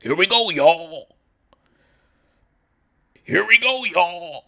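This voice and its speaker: A man's voice: high-pitched, expressive, drawn-out words, gravelly, bright, forceful tone, full character voice. A man putting on a whiny, sing-song voice to caricature a male podcaster. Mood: mocking whine.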